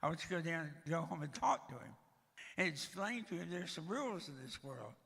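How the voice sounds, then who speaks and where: A man's voice: fairly high pitch, lively intonation, brisk, vocal fry, sharp tone, long reverb tail. An older man giving a storytelling talk at a church, with a dry, joking manner. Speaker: guest speaker.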